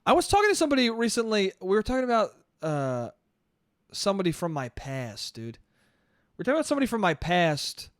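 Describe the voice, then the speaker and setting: A man in his late twenties holds forth alone on his comedy podcast, cursing freely and telling animated stories. His voice sits a bit high for a man. The sound is dry and close, with no room around it. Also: fast talker, no room sound. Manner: profane, animated storytelling with put-on voices. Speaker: podcast host. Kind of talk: solo comedic podcast monologue.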